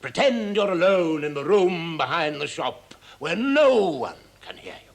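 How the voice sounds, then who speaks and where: A man's voice: a little high, very animated, unhurried, creaky, exaggerated voice. An actor playing a bossy, impatient man who runs a theatre rehearsal, speaking in a commanding, brusque way. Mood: lecturing. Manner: commanding, brusque, mocking laughs. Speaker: theatre manager running a rehearsal.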